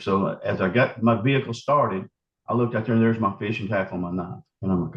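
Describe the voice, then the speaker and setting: A man telling his story in an interview, vivid and halting with many restarts. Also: lowish voice. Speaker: eyewitness recounting an encounter. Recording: roomy, slightly muffled interview audio.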